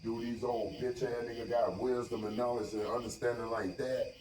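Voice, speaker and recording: A man talking straight to camera at an average pitch, rambling from topic to topic in heavy slang. He preaches and curses freely, sometimes dropping his voice low and quiet. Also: steady tone, normal speed, slight background noise, rough recording. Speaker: vlogger. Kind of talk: casual profane monologue.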